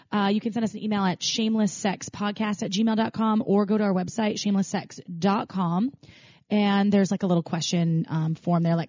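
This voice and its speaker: A woman co-hosting a podcast in casual chat, chatty and quick to laugh, with many fillers. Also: mid-range voice, mellow, no echo, lo-fi sound. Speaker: podcast co-host.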